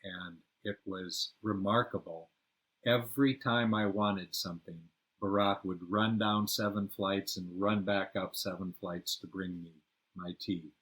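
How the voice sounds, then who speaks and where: An older man tells his travel memories on a podcast. His speaking voice sits a bit low, and he rambles, stopping to hunt for the right word. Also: steady tone, a little slow, a bit bright. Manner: rambling, searches for words. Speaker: podcast host and storyteller. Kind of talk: personal travel storytelling.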